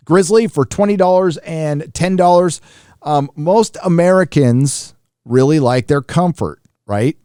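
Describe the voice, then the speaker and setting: Casual, profane live stream host. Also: male voice, medium pitch, a little mellow, no echo, clean studio sound. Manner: loose and profane, with many fillers and restarts. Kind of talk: casual live stream chat reading viewer messages.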